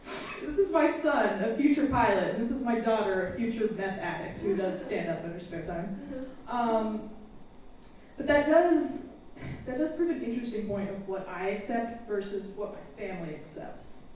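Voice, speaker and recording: A woman's voice: mid-range voice, lively intonation, moderate pace, darkish tone. A young woman from Texas doing a candid, self-deprecating stand-up set on a campus stage, with lots of fillers. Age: young adult. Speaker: student stand-up comedian. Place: campus theater stage with live audience. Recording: very echoey theater, distant, faint hiss.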